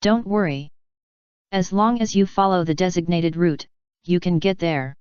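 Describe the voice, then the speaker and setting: A woman's voice: on the low side, moderate pace, a little mellow, clear, resonant tone, dry recording, lo-fi sound, natural voice. A woman reading the lines of a cheerful, reassuring male receptionist.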